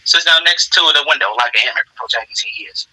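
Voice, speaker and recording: A man's voice: fairly high pitch, fast talker, sharp tone, low-quality recording. A man casually improvising a role-play story with lots of fillers. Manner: casual, rambling, many fillers.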